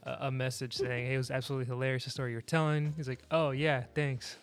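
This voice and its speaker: A man's voice: medium pitch, flat delivery, fast, smooth, faint music behind. Young man telling rambling stories. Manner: rambling, laughs at own stories. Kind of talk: casual chat among friends.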